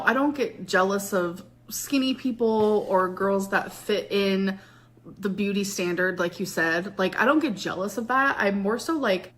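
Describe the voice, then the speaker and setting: A woman's voice: medium pitch, fairly bright tone. A woman on a live stream talking candidly about her habits and feelings, with many "like" fillers. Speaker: streamer answering viewers. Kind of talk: casual live stream talk.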